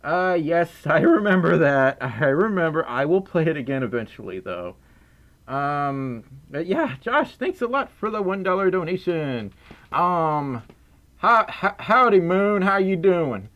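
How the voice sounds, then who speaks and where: A man's voice: a little high, big pitch swings, a little slow, fairly bright tone, muffled recording. A man from Mississippi with a Southern accent, casually chatting on a livestream and reading out donations, tired, giggly and a little silly. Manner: silly and giggly, often trails off and restarts. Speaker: livestream host.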